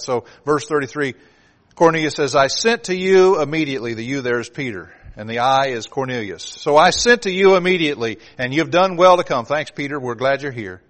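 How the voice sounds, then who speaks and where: A man's voice: medium pitch, a bit bright. A man preaching a sermon, driving home points with repetition and sudden swells of emphasis.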